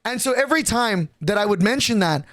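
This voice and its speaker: A man's voice: high voice, expressive, brisk, fairly bright tone, no echo, studio quality. A young man streaming, telling a rambling, profane story to his chat with lots of restarts and fillers.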